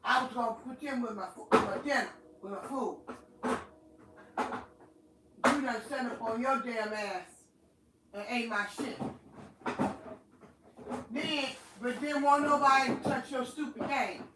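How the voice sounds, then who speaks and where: A woman vlogger vents angrily at home in Southern African American vernacular, cursing and repeating herself in a profane monologue. Her slightly high voice is unhurried with frequent pauses, recorded from a distance in an echoey room with faint noise.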